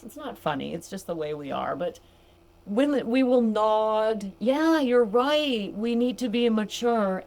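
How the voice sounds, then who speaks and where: Older woman, podcast sobriety coach, casual and talkative, laughs easily. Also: on the low side. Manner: warm, chatty, laughs easily, addresses listeners as gals. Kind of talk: casual podcast monologue reading from a book.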